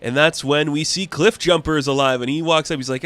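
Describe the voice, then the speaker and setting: A man's voice: a little high, brisk, a bit bright, dry recording. A man casually recapping a comic book, rambling with lots of fillers and briefly acting out the characters' lines.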